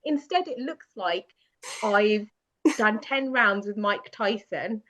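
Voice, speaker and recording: A woman guest telling a personal story in a lively, self-mocking way, often laughing as she goes. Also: mid-range voice, takes it slowly. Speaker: podcast guest. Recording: dull lo-fi sound.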